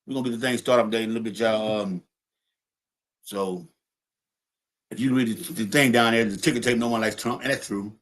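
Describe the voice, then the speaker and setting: A man's voice: lowish voice, fairly even intonation, fairly quick, long pauses, a bit bright. A man hosting a home livestream podcast, talking loosely and repetitively to his chat, swearing and calling them y'all. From St. Louis, USA. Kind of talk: casual political rant to live chat.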